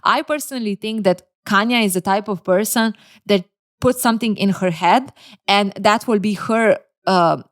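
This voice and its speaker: A woman's voice: mid-range voice, moderate pace. A woman recapping and reviewing a reality dating show in casual commentary, blunt and opinionated, openly emotional.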